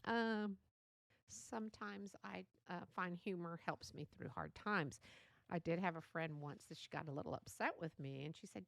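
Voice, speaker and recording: A woman's voice: on the low side, animated, moderate pace, vocal fry, fairly bright tone, dry recording. An older woman hosting a solo podcast, chatty and motherly, laughing often as she talks. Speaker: podcast host. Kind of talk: casual solo podcast talk.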